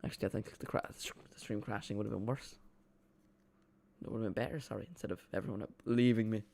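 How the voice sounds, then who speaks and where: This young Irishman's voice is fairly low, steady, gravelly and a little mellow, and he talks fast. He streams a football watchalong from home, casually commenting live and rambling with many false starts.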